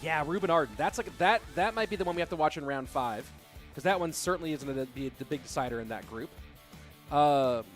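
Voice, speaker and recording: A man casting a live esports match, excitable and incredulous, often breaking into laughter. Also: on the high side, brisk, faint music behind. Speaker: esports caster.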